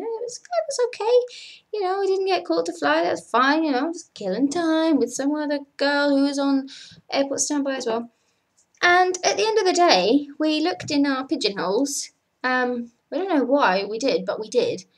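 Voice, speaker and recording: A young woman who works as cabin crew, ranting in a vlog, exasperated and swearing, checking in with the viewer again and again. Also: high-pitched. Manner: exasperated, swearing, keeps asking "okay?".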